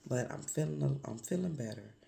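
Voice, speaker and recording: A woman vlogger with a hoarse voice from a cold, speaking candidly and reflectively in a confessional vlog, with many pauses and fillers. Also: very deep voice, expressive, mellow, a little hiss or hum.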